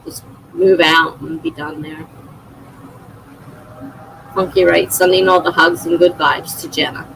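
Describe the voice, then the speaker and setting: A woman's voice: fairly low pitch, fairly even intonation, a little slow, vocal fry, a bit bright, slight background noise, rough recording. A middle-aged woman hosting a livestream, chatting casually and laughing often as she reads viewer comments aloud. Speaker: livestream host.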